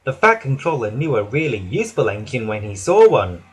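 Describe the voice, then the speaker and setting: A man narrating a children's storybook with an animated, expressive reading. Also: medium pitch, fairly quick, husky.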